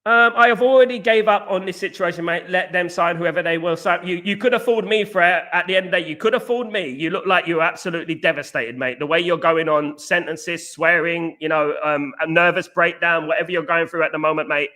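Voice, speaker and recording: A man chats casually as he reads out viewers' messages, repeating himself and tossing in mate and bruv. His voice sits a touch high and comes out bright and forceful. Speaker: fan channel host reading viewer messages. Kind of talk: casual livestream chat.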